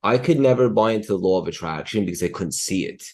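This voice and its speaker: A man's voice: low voice, fast, a little mellow. A man hosting a podcast who talks enthusiastically and casually, affirming his guest and often saying "like". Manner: enthusiastic, affirming, says "like" a lot. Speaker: podcast host.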